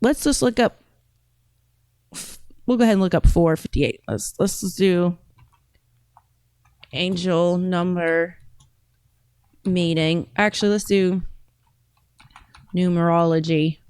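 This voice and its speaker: A woman's voice: lowish voice, slow pace, pauses often, a little mellow, smooth, dry recording. A woman podcast host chatting casually and thinking aloud as she browses and reads comments out, her accent drifting between a British-tinged and a Southern sound. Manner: rambling, thinks aloud with fillers.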